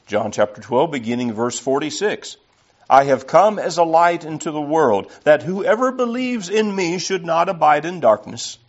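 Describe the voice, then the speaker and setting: A man's voice: a little high, breathy edge. A man preaching an earnest, emphatic sermon and reading scripture aloud. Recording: slightly dull lo-fi recording.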